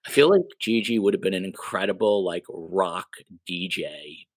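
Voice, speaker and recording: A man's voice: low-pitched, normal speed, dry recording. A man hosting a podcast, upbeat and chatty, hyping his guest and audience. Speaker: podcast host. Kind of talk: casual interview hosting.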